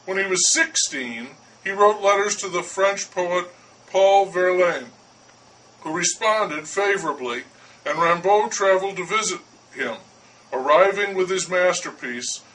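Man, dry comic narration, high voice, far from the mic. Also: fairly bright tone.

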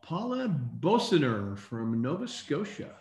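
A man hosting a casual online call, reading out names in an upbeat, brisk way. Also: fairly high pitch, huge pitch swings, a little mellow, echoey room. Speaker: host.

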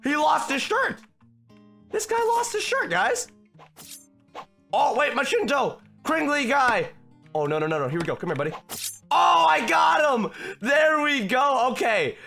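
Young man, very high voice, gravelly edge, bright and sharp, excited gameplay commentary, game music behind. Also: measured pace, long pauses. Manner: shouty, reactive, frequent outbursts. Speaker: gaming video host.

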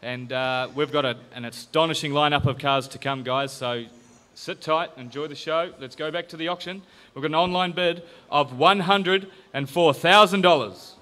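A man's voice: on the high side, normal speed, pushed and bright, in a large hall. An Australian man hosting a live car auction broadcast in an upbeat announcing manner. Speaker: event host.

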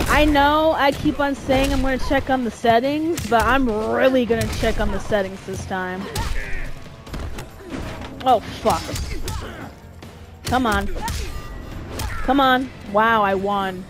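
A woman's voice: a little high, slow pace, pauses often, over music. A woman playing a fighting game and commenting casually, frustrated and swearing constantly at the game. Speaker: gamer streaming a playthrough.

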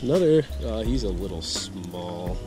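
A man's voice: low voice, expressive, a little slow, over music. A man hosting a casual fishing vlog outdoors, talking in an easygoing, self-amused way. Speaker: fishing channel host. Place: outdoors at a pond and at home with a bait tank.

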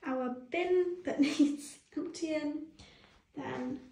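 High-voiced chatty British woman in echoey room. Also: very slow, creaky, warm tone. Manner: chatty, gushing, easily moved. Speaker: vlogger. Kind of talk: casual chat to camera. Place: bathroom at home, indoors. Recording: echoey small tiled room.

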